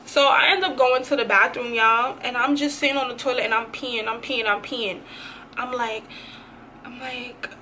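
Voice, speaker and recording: A woman's voice: fairly high pitch, normal speed, slight background noise. A young woman vlogger telling a dramatic, slangy story in a casual storytime. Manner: animated, slangy, dramatic retelling.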